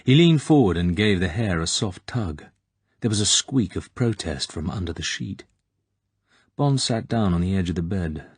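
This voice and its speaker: Deep husky male audiobook narrator. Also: expressive, normal speed, no echo. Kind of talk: scripted narration.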